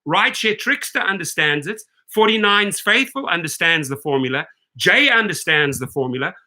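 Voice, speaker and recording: A man's voice: high voice, animated, normal speed, sharp tone, poor audio. A man hosting a rideshare video, ranting in a confrontational way and speaking straight to the executives, often tagging "right?" onto his points. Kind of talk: ranting commentary vlog.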